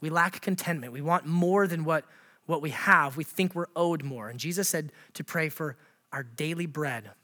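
A male pastor delivers a lively, conversational sermon in a church. His voice sits high and bright, and he keeps turning to the congregation with questions and small jokes. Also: normal speed. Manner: animated, laughs at his own jokes.

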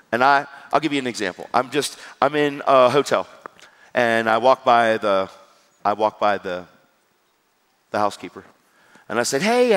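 A man's voice: mid-range voice, a bit bright. A man preaching a sermon, telling stories animatedly and acting out the dialogue. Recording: hall reverb with crowd.

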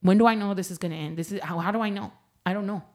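A woman's voice: mid-range voice, racing, darkish tone. A young woman from San Antonio, Texas, a singer-songwriter guest answering interview questions thoughtfully, repeating phrases as she thinks aloud.

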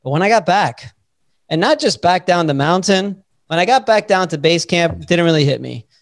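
A man hosting a podcast, telling a story in a lively, casual way and swearing freely. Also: high-pitched, moderate pace, no room sound, clean studio sound. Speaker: podcast host.

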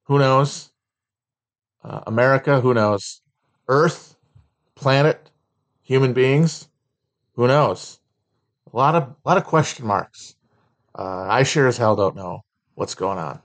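A man hosting a casual livestream chat, talking slowly with many fillers and restarts. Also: medium pitch. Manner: sings a song loosely at the start. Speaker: livestream host.

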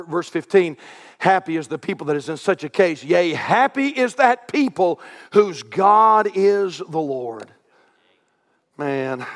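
A middle-aged pastor, preaching a sermon from the pulpit that swings from loud shouts to hushed, quiet asides. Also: male voice, fairly high pitch, big-room sound. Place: church sanctuary.

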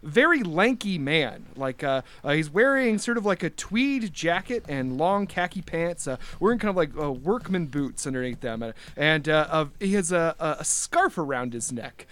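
A young man running a tabletop game as game master, narrating casually with many pauses and restarts. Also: fairly high pitch, lively intonation, a bit bright.

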